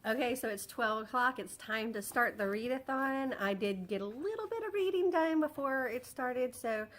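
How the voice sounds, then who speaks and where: A young woman chatting casually in a vlog about her reading, bubbly and excitable with frequent giggles, and tired as the night goes on. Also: a little high, normal speed. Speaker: book vlogger.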